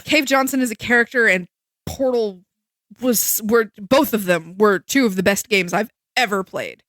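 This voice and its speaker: A woman co-hosting a podcast in casual chat, lively and chatty, explaining facts with exclamations. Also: mid-range voice, normal speed, no echo. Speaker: podcast co-host.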